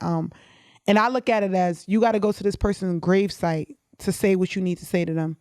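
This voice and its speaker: Woman in her 20s, podcast guest, rapid earnest delivery, dry close sound. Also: mid-range voice, a little mellow, no room sound. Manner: earnest, heartfelt, quick talker. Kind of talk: casual podcast chat.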